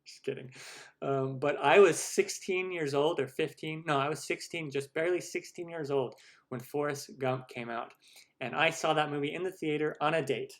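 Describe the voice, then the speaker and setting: A man's voice: a little high, normal speed. A man in his forties, a cooking show host, chatting casually in a live Q&A, rambling with many fillers and self-deprecating jokes. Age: 40s. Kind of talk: live stream Q&A chat.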